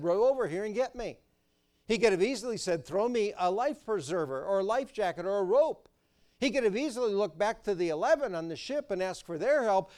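Man preaching with call-and-fill questions. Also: a little high. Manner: asks the congregation to fill in words; swings from loud emphasis to quiet intensity. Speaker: pastor. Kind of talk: sermon.

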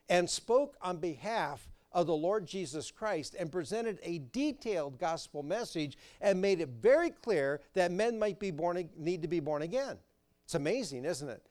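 A male pastor preaching a sermon in a slightly high voice. He pauses to let the congregation fill in words. His delivery swings from loud emphasis to hushed intensity.

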